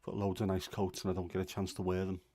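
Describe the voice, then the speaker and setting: In a low, dark, monotone voice with no room sound, a middle-aged man talks fast while hosting a livestream from home. The casual chat is grumbling and self-deprecating.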